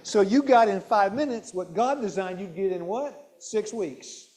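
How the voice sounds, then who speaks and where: An animated, high-pitched man with a slightly mellow tone gives a nutrition talk at normal speed in a church hall. As a health seminar presenter, he poses questions to the audience, repeats key words, and restarts sentences often.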